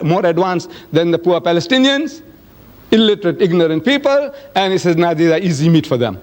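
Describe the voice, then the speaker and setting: An older man from South Africa giving a public lecture and taking audience questions, telling stories animatedly and acting out quoted exchanges. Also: high-pitched. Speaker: public speaker.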